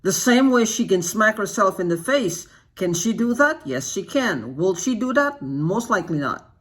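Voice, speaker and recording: Husky-voiced agitated vlogger full of questions. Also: mid-range voice, expressive, normal speed, fairly bright tone. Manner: repeats phrases for emphasis. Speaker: YouTube channel host. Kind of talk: unscripted vlog monologue.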